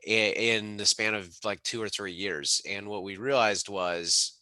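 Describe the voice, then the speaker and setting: A man's voice: lowish voice, a little slow, sharp tone, no echo. A man being interviewed, telling stories in an enthusiastic, rambling way with many restarts. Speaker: mobile home park operator and mentor. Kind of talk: casual interview storytelling.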